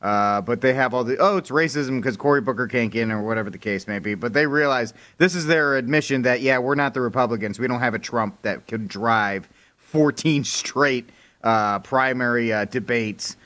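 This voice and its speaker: A man's voice: medium pitch, normal speed, a bit bright. A man co-hosting a talk radio news segment, talking casually and wryly with a joking edge. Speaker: news co-host.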